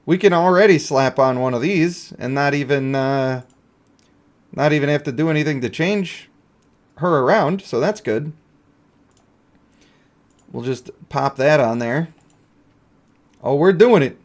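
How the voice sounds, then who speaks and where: Jokey male gaming YouTuber, higher voice, rambling playfully while he plays. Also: measured pace, long pauses. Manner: playful, jokey, talks to himself and viewers. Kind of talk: casual gameplay commentary.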